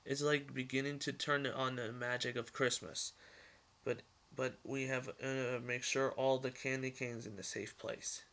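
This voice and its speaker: A man's voice: medium pitch, level tone, a bit bright, voice pushed down. A man reading the lines of a cheerful male cartoon mouse from a storybook, stumbling and restarting as he goes. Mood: fond. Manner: halting read-aloud with stumbles and restarts.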